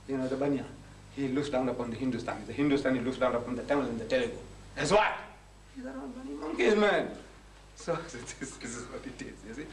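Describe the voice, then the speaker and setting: A man giving a public lecture, telling stories and acting out conversations in lively voices. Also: fairly high pitch. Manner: animated, acts out conversations with shifting voices. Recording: echoey hall, heard from a distance, faint hiss.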